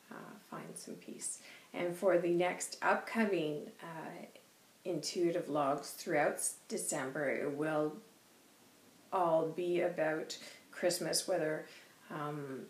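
A woman vlogging as an intuitive reader, talking slowly and softly with hesitant pauses. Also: fairly low pitch. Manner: slow, soft, hesitant. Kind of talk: casual spiritual vlog. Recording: echoey room.

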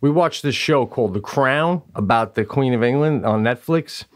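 A man's voice: mid-range voice, normal speed. A man co-hosting a podcast who tells stories in casual chat, swearing freely and laughing often. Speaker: podcast co-host.

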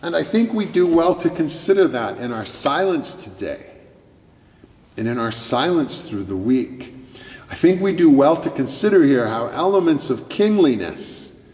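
A male pastor preaching a sermon in a church sanctuary, measured and emphatic, with dramatic pauses. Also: a little high, sing-song, a little mellow, roomy sound, long reverb tail.

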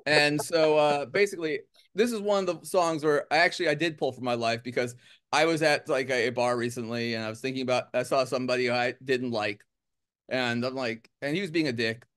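A man's voice: medium pitch, steady tone, brisk, fairly bright tone, clear, resonant tone. A man from the United States, a musician guest, chatting casually in an interview with a rambling, joking, self-deprecating manner.

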